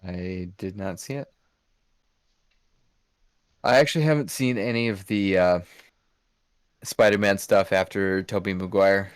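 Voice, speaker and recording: Teasing low-voiced man, laid-back. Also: measured pace, pauses often, smooth, no echo, studio quality. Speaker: podcast co-host. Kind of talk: casual chat.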